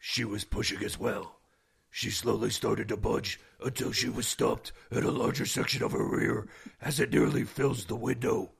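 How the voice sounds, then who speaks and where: A man co-hosting a comedy podcast, reading aloud slowly and with a giggly delivery. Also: fairly low pitch, fairly even intonation, creaky, breathy edge.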